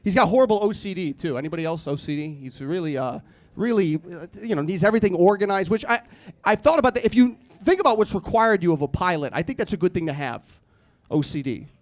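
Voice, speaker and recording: A man's voice: sits high, expressive, fast. A man in his thirties doing a rambling stand-up comedy set, self-deprecating and acting out the people he quotes. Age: 30s. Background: audience laughter.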